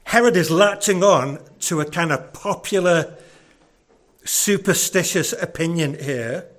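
A man's voice: on the high side, a little slow, a bit bright. A man preaching a sermon in a conversational, earnest way, often repeating words as he goes.

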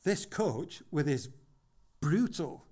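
A man preaching a sermon as pastor in church, conversational and wry with dry humorous asides, slowing down to land emphatic points. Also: on the high side, lively intonation, a little mellow. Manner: builds to slow, emphatic points.

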